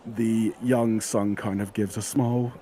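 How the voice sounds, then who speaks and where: Man, game master, narrating a tabletop game, low voice, dark mellow tone. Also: little pitch movement, slow pace. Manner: descriptive, with restarts and fillers.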